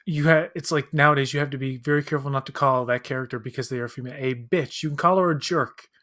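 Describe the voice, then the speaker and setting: A man's voice: mid-range voice, fairly even intonation, quick pace, pushed and bright. Rambling man chatting. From Canada. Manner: rambling, many restarts and fillers, acts out quoted voices. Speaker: watch-along co-host. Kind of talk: casual chat.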